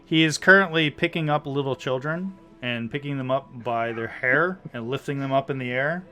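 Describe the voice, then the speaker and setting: A man running a tabletop game as game master, narrating in a relaxed, chuckling way. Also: medium pitch, normal speed, soft background music.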